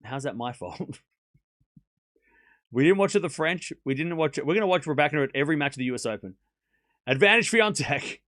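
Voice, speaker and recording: A man streaming live tennis commentary, calling the points with excitement and chatting and teasing his viewers in between. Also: on the high side, fast talker, long pauses, no echo, clean studio sound. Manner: excited call-outs of play, then chatty asides to chat; teasing, mock-comforting viewers.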